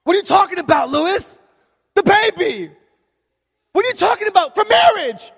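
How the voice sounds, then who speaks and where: Exasperated, incredulous wife, put on by a male preacher; shrill, loud scolding with long hall reverb. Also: big pitch swings, normal speed, gravelly, exaggerated voice. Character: exasperated pregnant wife scolding her husband.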